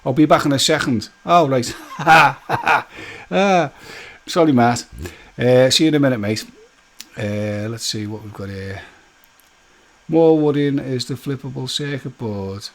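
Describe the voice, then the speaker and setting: A man's voice: mid-range voice, a little slow. A man hosting a live stream, chatting casually and jokily with viewers and greeting them by name.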